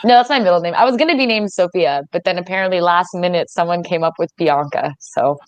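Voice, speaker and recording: A woman's voice: lowish voice, fast, no room sound. Young woman, Canadian, interview guest, candid, laughing, dry sound. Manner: laughs often, chatty and candid. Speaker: wrestler guest. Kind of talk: casual interview chat.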